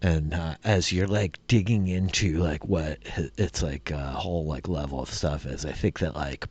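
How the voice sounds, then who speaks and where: A man narrating a tabletop game as dungeon master, relaxed and rambling with many fillers. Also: extremely low pitch, moderate pace, slightly rough, no room sound, muffled recording.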